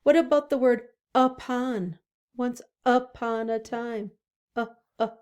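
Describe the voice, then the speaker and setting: A woman teacher giving a slow, sing-song phonics lesson to young children over distance learning, drawing out each word. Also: on the high side, fairly even intonation, darkish tone, clean tone.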